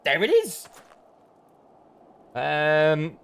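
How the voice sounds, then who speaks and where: A man's voice: on the high side, wildly swooping pitch, extremely slow, vocal fry, smooth. A man streaming a game, chatting loosely and joking. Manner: jokey, rambling, laughs often. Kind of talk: casual gameplay stream chat.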